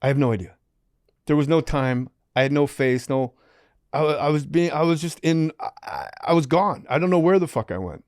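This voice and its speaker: A man's voice: fairly high pitch, animated, moderate pace, darkish tone, no room sound, clean studio sound. A man hosting a podcast, telling a story in casual conversation, acting out the quotes as he goes and swearing freely. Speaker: podcast host.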